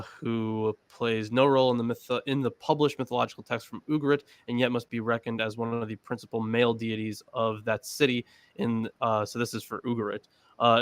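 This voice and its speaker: A man in a casual panel discussion, halting with fillers while he reads scholarly citations aloud. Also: mid-range voice, fairly bright tone, no room sound. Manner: hesitant, many fillers and restarts. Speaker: panel member reading from a book.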